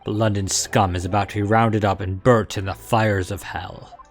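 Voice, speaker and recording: A man's voice: on the low side, steady tone, moderate pace, soft background music, voice pushed down, natural voice. A man reading a pompous police lord. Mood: grandiose. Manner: pompous, declaiming. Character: stern, grandiose male police chief lord. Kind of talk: reading game dialogue aloud on stream.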